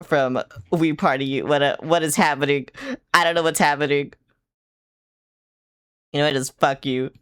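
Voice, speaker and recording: A woman with a notably low voice streams a video game. She talks in a hyper, rambling way, full of playful swearing and sudden asides. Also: steady tone, normal speed, long pauses, a bit bright, clean tone. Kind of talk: casual gaming livestream chatter.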